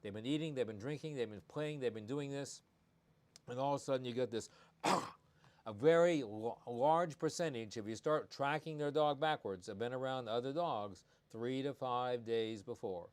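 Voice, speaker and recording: A male veterinarian hosts a live-streamed talk on pet health, speaking at a moderate pace with an ordinary mid-pitched male voice. His manner is folksy and conversational, and he often repeats his key warnings.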